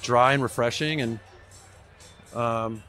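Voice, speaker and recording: A man's voice: mid-range voice, fairly even intonation, slow, fairly bright tone, soft background music. A man, a brewmaster guest, talking casually and easily in a brewery tasting room. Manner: easygoing, talks through with fillers. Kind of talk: casual chat.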